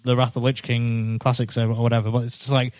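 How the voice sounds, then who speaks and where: A man's voice: medium pitch, completely flat delivery, fairly quick, a little mellow, no echo. A man co-hosting a casual gaming podcast, rambling with dry, sarcastic humor. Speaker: podcast co-host.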